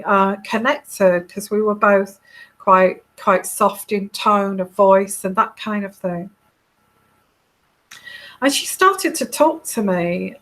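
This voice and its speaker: A woman from the UK who reads tarot, recounting a dream in a soft, calm voice, hesitant and full of fillers and restarts. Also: medium pitch. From United Kingdom. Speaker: intuitive tarot reader. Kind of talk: casual monologue recounting a dream.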